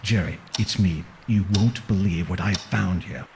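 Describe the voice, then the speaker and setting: An actor playing a stubborn young writer in a game, earnest and defiant on a phone call. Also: male voice, sits low, a little slow. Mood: determined. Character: stubborn young male writer investigating a murder. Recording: loud background hiss.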